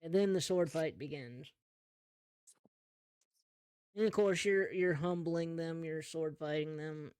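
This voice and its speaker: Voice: medium pitch, fairly even intonation, slow pace, long pauses, a little mellow, smooth, dry recording, clean studio sound. A game master narrating a tabletop game in an easygoing, second-person storytelling way.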